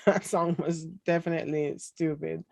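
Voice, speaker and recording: A woman's voice: sits low, vocal fry, a little mellow, no echo. A Jamaican woman with a light accent, casually chatting and reading viewer comments in a sarcastic, laughing way. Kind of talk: casual chat.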